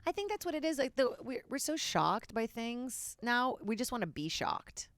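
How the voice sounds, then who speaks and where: A woman's voice: fairly high pitch, sing-song, normal speed, dry recording. A woman comedian chatting as a podcast guest, candid and rambling, joking frankly. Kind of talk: casual podcast chat.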